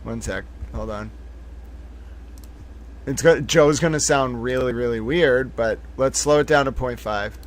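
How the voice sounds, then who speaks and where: A man hosting a livestream, commenting excitedly and profanely on clips he plays back, often repeating himself. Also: mid-range voice, a little slow, pauses often. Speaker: livestream host. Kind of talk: casual commentary on played clips.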